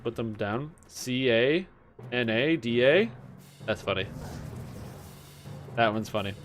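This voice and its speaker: A man's voice: medium pitch, lively intonation, takes it slowly, faint music behind. A man streaming a game, chatting casually and breaking into joking, incredulous rants. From Canada. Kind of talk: casual gameplay chat.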